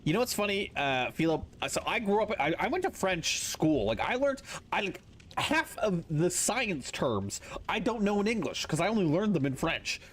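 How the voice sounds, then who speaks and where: High, lively, blunt-talking male streamer. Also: normal speed. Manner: blunt, opinionated, swears freely. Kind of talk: casual chat to stream viewers while gaming.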